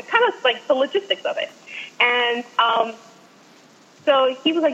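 A woman guest telling an excited fan story, acting out what people said, in casual chat. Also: fairly high pitch, normal speed, highs cut off.

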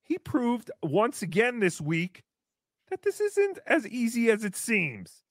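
Sarcastic man with a lively voice. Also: extremely high pitch, slow pace, no echo, studio quality. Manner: sarcastic, taunting, jumps into sing-song mockery. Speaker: podcast host. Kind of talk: mocking comedy commentary.

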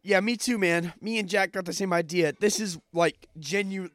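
A man co-hosting a casual podcast, exclaiming in loud disgust and swearing freely. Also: sits high, normal speed, dry recording, clean studio sound. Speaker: podcast co-host. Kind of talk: casual chat.

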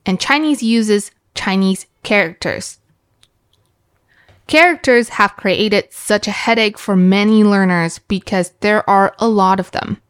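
A woman teaching beginners Mandarin, explaining slowly and clearly and demonstrating each tone aloud. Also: medium pitch. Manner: slow and clear, demonstrating sounds with sung tones.

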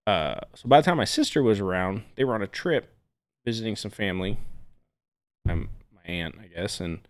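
A man on a casual podcast, telling laid-back anecdotes laced with swearing. His voice sits fairly low, but his pitch rises and falls a lot as he tells a story. He sounds easygoing and conversational. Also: animated, normal speed. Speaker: podcast guest.

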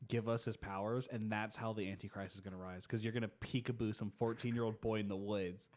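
A young man with a fairly low voice co-hosts a casual podcast chat. He is laid-back, swears freely and laughs often, and he acts out little quotes as he talks. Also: steady tone, a little fast, a little mellow. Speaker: podcast co-host.

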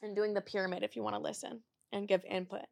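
A woman's voice: mid-range voice, little pitch movement, fast, gravelly, a little mellow, a little hiss or hum. A woman in her twenties hosting a casual podcast, telling dating stories bluntly with lots of swearing and acted-out quotes. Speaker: podcast host. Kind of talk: casual confessional chat.

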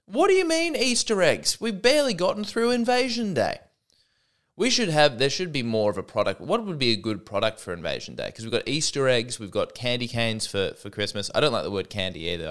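A man's voice: fairly low pitch, a bit bright, smooth. An Australian man hosting a solo podcast, talking in a rambling, sardonic, self-deprecating way. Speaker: podcast host.

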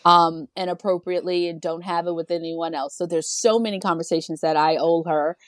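A woman in her thirties, a co-host and mother, giving quick, supportive replies in a casual chat. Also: on the low side, steady tone, no echo, clean studio sound.

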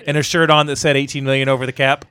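A man's voice: medium pitch, flat delivery, racing, sharp tone, a little hiss or hum. A man co-hosting a casual sports podcast, telling stories with plenty of swearing and acted-out quotes. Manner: profane storytelling, acts out quotes. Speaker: podcast co-host.

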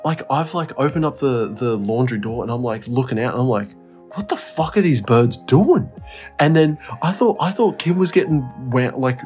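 A man's voice: mid-range voice, expressive, a little fast, hardly any pauses, a little mellow, soft background music. A man co-hosting a podcast, telling a story in a rambling, laughing way with a lot of swearing. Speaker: podcast co-host. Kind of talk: casual storytelling chat.

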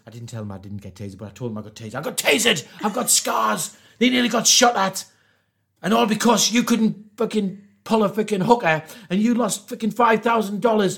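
A man spins a rowdy comic yarn, jumping into the voices of everyone in it and swearing as he goes. His voice sits high for a man, with a gravelly fry running underneath. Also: fairly quick. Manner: animated, acts out voices, lots of swearing. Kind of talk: comic storytelling.

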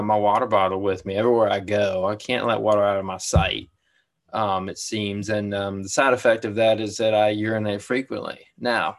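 A man's voice: lowish voice, a bit bright. A young man co-hosting a podcast in casual chat, laid-back, saying "dude" and "like" a lot. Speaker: podcast co-host.

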